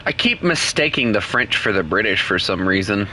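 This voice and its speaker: Joking Southern American streamer, bright voice. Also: male voice, fairly low pitch, animated, a little hiss or hum, poor audio. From United States. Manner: joking, teasing chat, quick restarts. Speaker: game streamer. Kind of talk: casual live-stream chat while playing.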